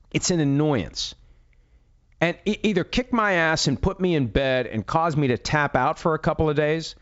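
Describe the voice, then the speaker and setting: A man's voice: fairly high pitch, muffled recording. Chatty man talking through a head cold. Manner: chatty, rambling, self-deprecating asides. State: has a head cold, runny nose. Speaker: sports radio host. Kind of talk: casual monologue.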